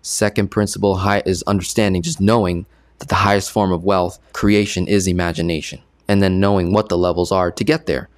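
Finance coach, male, very deep voice, energetic preacher-style delivery, dry close mic. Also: fairly quick, no echo. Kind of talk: live-streamed teaching talk.

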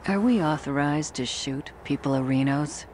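A woman voicing a sarcastic, weary female federal agent in a video game, speaking dryly and flatly. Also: sits low, moderate pace, a little hiss or hum, lightly acted. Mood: deadpan. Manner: dry, deadpan, sarcastic. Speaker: game character.

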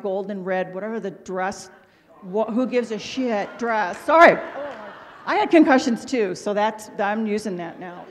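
A woman's voice: on the high side, slight background noise. Middle-aged woman from missouri telling her own story to a crowd, chatty and blunt, big ballroom echo. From Missouri, USA. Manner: rambling, candid, self-deprecating, with quick asides. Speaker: guest speaker at an autism symposium. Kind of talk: humorous personal public talk. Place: large hotel ballroom. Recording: long reverb of a large ballroom.

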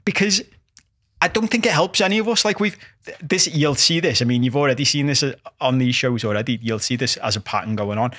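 A man's voice: medium pitch, brisk, pushed and bright, dry recording, clean studio sound. A young adult man co-hosting a casual podcast, swearing freely and building into mock-rousing rants. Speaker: podcast co-host.

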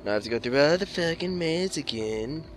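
A man's voice: a little high, lively intonation, fairly quick, soft background music. A man playing a video game and commenting casually, swearing often and snapping back at the game with exasperated outbursts. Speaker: let's play gamer.

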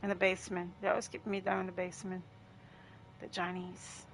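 Livestreaming her gameplay, this woman speaks briskly in a fairly low, monotone voice with a slightly bright edge, and a faint hiss or hum sits under the audio. She keeps things casual, laughing a lot and calling out chat members by name.

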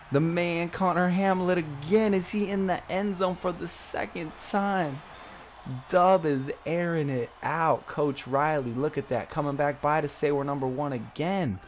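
A man's voice: fairly high pitch, a little hiss or hum. Hyped young man narrating a football game. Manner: hyped, cocky trash talk, yelling at plays. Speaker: gaming YouTuber. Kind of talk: excited gameplay commentary.

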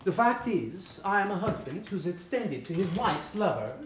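A man's voice: sits high, very animated, normal speed. An actor playing a cold, sarcastic middle-aged husband confronting his wife, with a clipped, formal and mocking delivery in a stage play. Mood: sardonic. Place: theater stage. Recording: roomy theater, faint noise.

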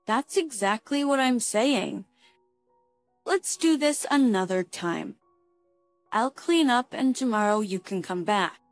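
A woman reading the lines of a frightened but quick-witted young woman camper in a storybook tale, with a pleading, anxious tone. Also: fairly high pitch, lively intonation, no echo, soft background music. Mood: coaxing.

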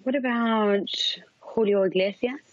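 Female pundit, husky, slightly dull recording, eager in discussion. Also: fairly high pitch, unhurried, dry recording. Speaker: football expert guest. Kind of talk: casual radio discussion.

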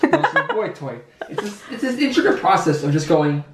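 A man's voice: sits high, wildly swooping pitch, fairly quick. A man at home, teasing and lecturing his partner in casual chat. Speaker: vlogger's partner. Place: home, indoors. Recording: echoey room, faint noise.

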